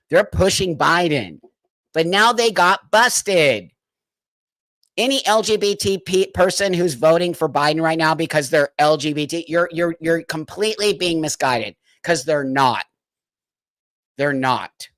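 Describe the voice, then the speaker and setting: A man's voice: on the high side, expressive, unhurried, a bit bright, no echo, studio quality. A man hosting a live stream of political commentary, talking straight to his viewers in a heated, emphatic way. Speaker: livestream host.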